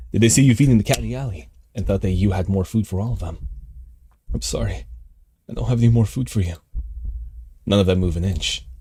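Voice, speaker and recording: A male streamer reading a text game aloud and reacting live, jumping between calm narration and excited outbursts. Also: lowish voice, slight background noise.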